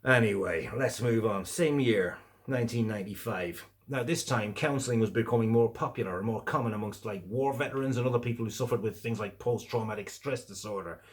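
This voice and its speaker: A man's voice: fairly low pitch, a little fast. A middle-aged man from the English Midlands with a Midlands accent, ranting angrily about politics with sarcasm and a lot of swearing. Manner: sarcastic, heavily profane, indignant. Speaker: political commentator. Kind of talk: angry opinion rant.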